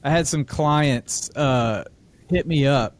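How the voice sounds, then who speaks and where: A Midwestern American man in a mid-range voice shares a story on a podcast. He talks in a relaxed, chatty way and laughs easily. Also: mid-range voice, slow. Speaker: podcast co-host. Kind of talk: casual podcast chat.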